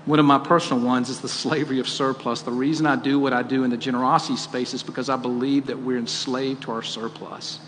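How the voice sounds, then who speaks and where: A man's voice: mid-range voice, flat delivery, quick pace, hardly any pauses, fairly bright tone, a little hiss or hum. A man preaching a sermon, earnest and questioning, rising to emphatic peaks. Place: church auditorium. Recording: long hall reverb, faint ambience.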